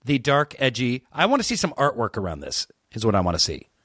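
A man guesting on a casual comedy podcast, pitching absurd jokes with a straight face. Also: huge pitch swings, fast talker, fairly bright tone.

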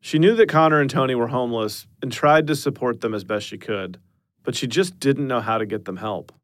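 A man narrating a true-crime podcast story in a measured, scripted way with dry understatement. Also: medium pitch, no echo.

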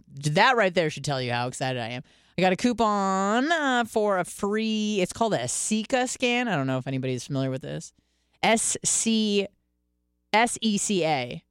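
A woman in her twenties hosting a radio podcast, telling candid stories in a casual, profane, animated way. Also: deep voice, clean tone, no room sound, studio quality. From Michigan, US. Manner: candid, profane, animated storytelling with quoted self-talk. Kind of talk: casual monologue.

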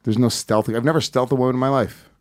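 A man's voice: medium pitch, fairly even intonation, fast talker. A man hosting a comedy podcast, talking brashly and crudely, teasing his cohosts with profanity. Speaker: podcast host.

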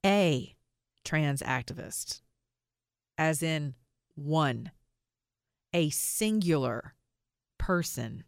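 A woman with a notably low voice delivers an opinionated podcast monologue. She is blunt and sarcastic, slowing down to lean hard on single words. The sound is dry and close, with no room around it. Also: animated, smooth, no room sound. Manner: emphatic, stresses single words slowly for effect. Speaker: podcast host.

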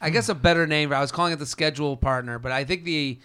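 A man's voice: fairly high pitch, fast, sharp tone, clean tone. A male podcast host giving relationship advice in casual chat, acting out example lines as he goes. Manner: talks things through, acts out example lines.

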